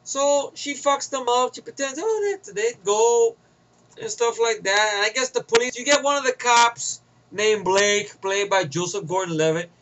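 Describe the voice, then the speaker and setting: A man's voice: sits high, moderate pace, lo-fi sound, noisy background. A young man giving a rambling, profane, sarcastic movie review in a casual rant.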